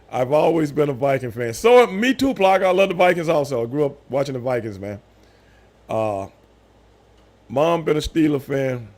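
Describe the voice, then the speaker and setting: A man in his fifties chatting casually on a live stream, telling animated stories with loud voiced outbursts. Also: mid-range voice. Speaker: streamer host.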